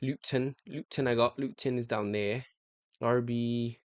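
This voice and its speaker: A man's voice: medium pitch, fairly even intonation, a little slow, no echo. A young man streaming himself taking a football quiz, muttering to himself and swearing when he gets stuck. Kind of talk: live-stream quiz commentary.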